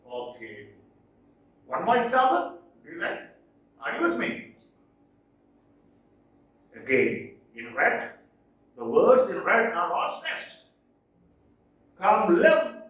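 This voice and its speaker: Slow, echoey man teaching poetic meter. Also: fairly high pitch, sharp tone, far from the mic. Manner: slow and deliberate, tapping out stresses. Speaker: English teacher. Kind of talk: classroom lecture. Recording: very echoey room, voice off-mic.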